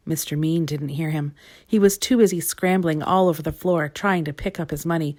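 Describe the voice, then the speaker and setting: A woman reading a children's picture book aloud with gentle, expressive storytelling. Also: deep voice, moderate pace. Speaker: storybook reader.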